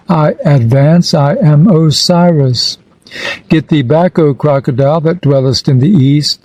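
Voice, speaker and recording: A man reading an ancient funerary text aloud in a solemn, measured, declamatory manner. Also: fairly high pitch, dark tone, no echo, rough recording. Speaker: reader.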